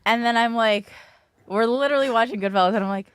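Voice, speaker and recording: A woman's voice: on the high side, fast, a bit bright, clear, resonant tone, no room sound, studio quality. A young woman hosting a casual podcast, talking in a chatty, rambling way that often trails off mid-thought. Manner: chatty, rambling, self-questioning. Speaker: podcast host.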